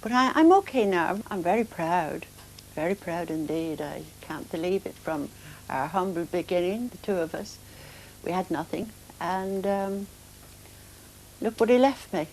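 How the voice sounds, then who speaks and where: A woman speaking softly and with emotion in an interview. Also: medium pitch, lively intonation, unhurried, slight background noise, low-quality recording. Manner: soft-spoken, emotional, reflective.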